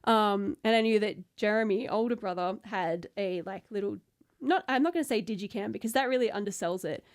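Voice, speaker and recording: A woman, a guest photographer chatting casually and telling an excited story with high-pitched acted-out quotes. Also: fairly quick. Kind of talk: casual chat.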